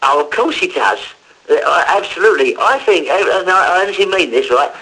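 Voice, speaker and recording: A man with an unusually high, squeaky voice, chatting as a guest and telling animated stories. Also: fairly quick, husky, poor audio. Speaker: guest comedian and voice actor. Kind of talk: casual anecdotal chat.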